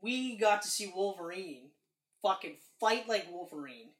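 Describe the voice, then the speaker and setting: Casual male podcast co-host, animated and profane, recorded in an echoey room. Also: high-pitched, measured pace. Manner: animated, swearing, excited retelling. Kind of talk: casual movie chat.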